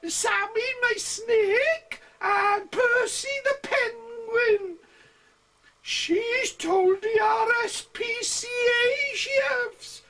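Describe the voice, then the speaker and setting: A man's voice: extremely slow, recorded from a distance, background noise, heavily acted. An old man doing a quavering daft old hoarder. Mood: wailing comic. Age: older. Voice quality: high quavering strained voice, half laughing. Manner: comic verse recited in a put-on voice. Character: daft old male hoarder, cellar-dwelling crank. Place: home.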